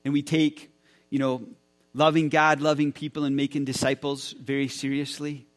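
A man's voice: medium pitch, level tone, normal speed, faint music behind. A man in his forties, a pastor speaking to his church, enthusiastic and often repeating words as he talks. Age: 40s. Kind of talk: church sermon talk. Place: church sanctuary.

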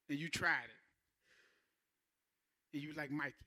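A man preaching a Sunday sermon, emphatic, repeating key phrases and asking the congregation questions. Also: fairly high pitch. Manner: animated preacher, slows down to stress key lines. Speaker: pastor.

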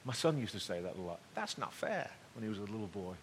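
A man's voice: lowish voice, racing, slight background noise. Conversational middle-aged male preacher. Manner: conversational, swings between loud emphasis and hushed tones. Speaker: pastor. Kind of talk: storytelling sermon.

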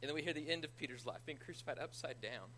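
A man delivers a relaxed, conversational sermon, walking through scripture with lively retellings and dry jokes at his own expense. His voice is bright and forward. A faint noise sits under the recording. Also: fairly high pitch, very fast, poor audio. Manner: conversational, self-deprecating humor, animated retelling. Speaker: pastor.

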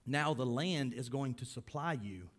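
A man preaching a sermon as pastor, swinging between loud emphasis and hushed, low lines. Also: animated, a little slow. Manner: acts out grumbling crowd voices in quotes.

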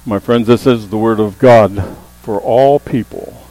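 Preaching male pastor, low voice, hum. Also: unhurried, dark tone, rough recording. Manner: preaching with rising emphatic calls. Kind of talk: sermon. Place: church sanctuary. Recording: mains hum under the voice.

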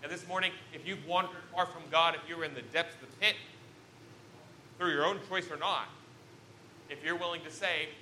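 A man preaching a sermon to his congregation, telling Bible stories with big swings between loud and soft. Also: on the high side, moderate pace, pauses often, slight background noise. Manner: animated storytelling with sharp swings in loudness. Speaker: pastor. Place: church sanctuary. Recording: roomy church echo.

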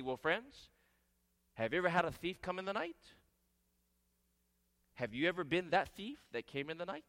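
A man's voice: on the high side, bright, forceful tone. A man preaching a sermon, emphatic, posing questions to his congregation and answering them himself. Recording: echoey hall reverb.

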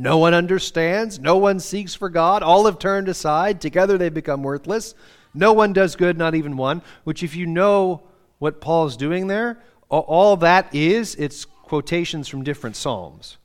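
A middle-aged man preaching a sermon, earnest and conversational, reading scripture aloud with feeling. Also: fairly high pitch. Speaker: pastor.

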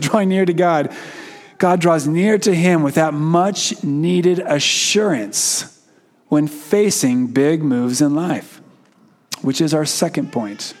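A man delivers a sermon in a fairly high voice. He is earnest and conversational, chuckles often, and acts out the quoted lines like a lively retelling. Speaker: preacher.

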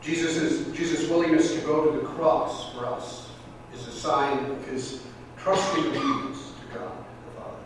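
A man's voice: on the high side, steady tone, normal speed, slight background noise. Preaching man in an echoey hall. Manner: conversational preaching with small restarts, acting out quoted voices. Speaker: pastor. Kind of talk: sermon. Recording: echoey church hall from far off.

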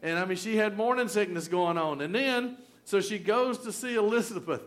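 A middle-aged man, preaching a sermon in a folksy, animated storytelling way with humor. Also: sits high, moderate pace. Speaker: pastor.

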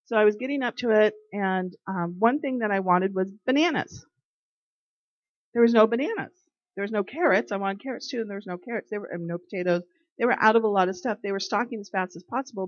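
A woman's voice: medium pitch, dry recording, lo-fi sound. Earnest woman giving a devotional talk. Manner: earnest and conversational, slows to stress key phrases. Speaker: Bible study leader. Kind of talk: informal devotional talk with storytelling.

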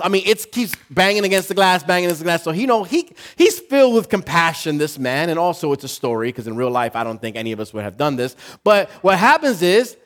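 A man preaching a sermon through a story, asking the congregation questions and building to emphatic points. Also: high voice.

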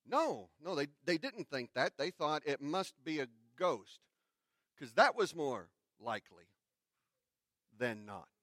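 A man pastor who reads scripture and then preaches in a conversational sermon, with restarts and dramatic pauses. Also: a little high, sing-song, fairly bright tone, no room sound, studio quality.

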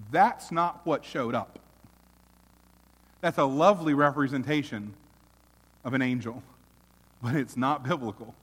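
A man preaching a sermon as pastor, earnest, swelling loud and then dropping almost to a hush. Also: a little high, big-room sound.

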